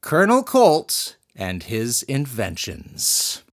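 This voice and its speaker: Lively, playful man hosting a podcast. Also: medium pitch. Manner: animated, playful, quick to laugh. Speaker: podcast host. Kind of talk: casual chat.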